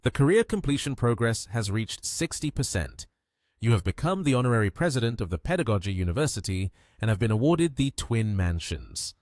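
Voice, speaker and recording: A man's voice: mid-range voice, big pitch swings, a little fast, darkish tone, no room sound, studio quality, lightly acted. A man voicing a devoted, deferential system assistant. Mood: eager.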